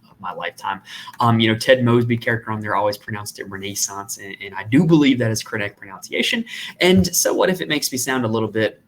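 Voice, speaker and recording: Man, podcast host, chatty betting preview, mid-pitched voice, faint background hum. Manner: chatty and conversational, talks at length. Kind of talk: casual sports betting preview.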